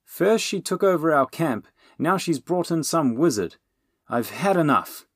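A man's voice: fairly high pitch, very animated, a little slow, husky, no echo, studio quality, pitched above the performer's own voice, exaggerated voice. A man voicing an impatient young male outlaw with a grating, demanding way of talking.

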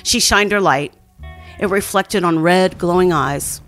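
A woman reading a first-person scary campfire story as scripted narration, at a steady storytelling pace. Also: on the low side, measured pace. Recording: faint music underneath.

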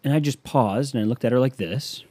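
A man's voice: medium pitch, normal speed, warm tone, slightly rough, no echo. A man hosting a podcast, delivering a profane, sarcastic comedic rant. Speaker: podcast host. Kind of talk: comedic monologue.

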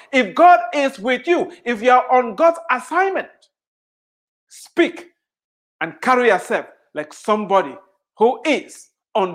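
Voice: mid-range voice, sing-song, a little slow. A preacher delivering a sermon emphatically, repeating phrases for weight and putting rhetorical questions to the listeners.

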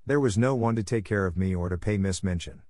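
A man doing a quiet young orphan girl. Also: sits low, brisk, no room sound, clean studio sound, natural voice. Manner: quiet, soft-spoken.

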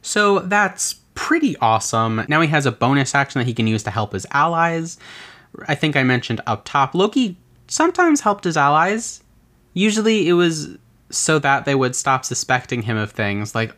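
A podcast host explaining a game character build, telling the backstory with exasperated asides and casual swearing. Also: medium pitch. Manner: animated, exasperated storytelling with quick asides; casual swearing and filler words.

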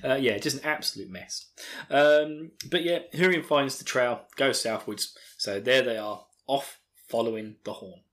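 A man's voice: mid-range voice, unhurried, fairly bright tone. A man with an Essex accent, hosting a podcast in casual, rambling chat with lots of fillers. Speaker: podcast host.

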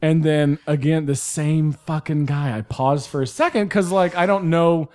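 A young man from the American South telling a story in casual chat, animated and swearing, acting out the voices of the people in it. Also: a little high, measured pace. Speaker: guest comedian.

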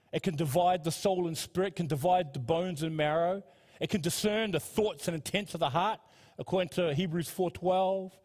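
A man in his fifties preaching a sermon as a pastor, earnest and conversational, with asides to the congregation and frequent repetitions. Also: sits high. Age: 50s. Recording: long hall reverb.

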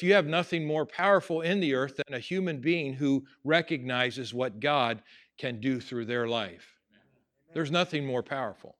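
Male preacher, slightly high voice, casual delivery that climbs into fervent emphasis. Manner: conversational preaching, building to loud emphatic passages. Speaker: pastor. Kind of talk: sermon.

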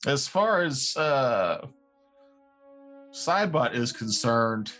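A man trades wry jokes during a tabletop-game session, keeping a dry, teasing tone. His voice is mid-pitched, with faint music underneath. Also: big pitch swings, drawn-out words, a bit bright. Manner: wry, joking. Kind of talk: casual chat in a tabletop game podcast.

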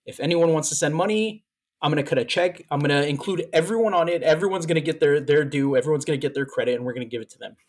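A podcast co-host tells a long story in casual chat, rambling and repeating words as he doubles back on himself. His voice is on the high side and quick, and he sounds moved and a little out of breath.

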